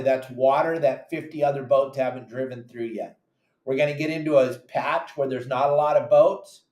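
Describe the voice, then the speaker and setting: A man hosting a fishing podcast as a captain, giving casual, animated advice and acting out his friends' lines. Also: on the high side, reverberant. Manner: animated, acts out friends' voices in quotes.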